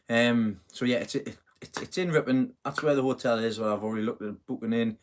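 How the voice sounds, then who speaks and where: A man's voice: mid-range voice, steady tone, a little fast, few pauses. A middle-aged man hosting a casual live stream, chatting in a rambling way, full of fillers and self-corrections. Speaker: host of a live gardening stream.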